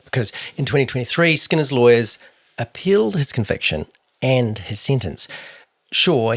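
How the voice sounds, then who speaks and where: A man's voice: lowish voice, breathy edge, no echo. A man with a New Zealand accent co-hosting a true crime podcast, telling the story with dry, wry asides. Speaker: podcast co-host.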